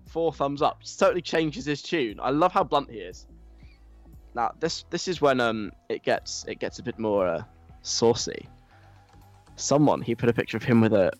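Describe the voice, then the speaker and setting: A male radio host chats casually into a studio microphone, telling an amused story at a mid-range pitch. Faint music plays softly behind his voice.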